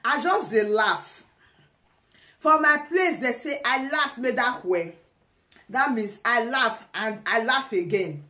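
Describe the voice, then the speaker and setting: A woman's voice: fairly high pitch, animated, slow, sharp tone, echoey room. A woman with a Nigerian accent giving teasing, laughing commentary in casual pidgin.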